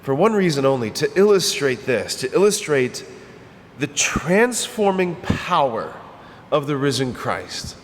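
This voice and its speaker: Conversational priest preaching in a reverberant church. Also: male voice, a little high, big pitch swings, unhurried, a little hiss or hum. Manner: conversational, emphatic, repeats phrases. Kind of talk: homily.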